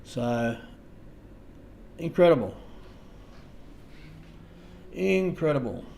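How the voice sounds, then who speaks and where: An Australian man hosting a casual livestream, talking to viewers in a halting way, repeating words and trailing off softly. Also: medium pitch, very animated, gravelly, slight background noise. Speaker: livestream host.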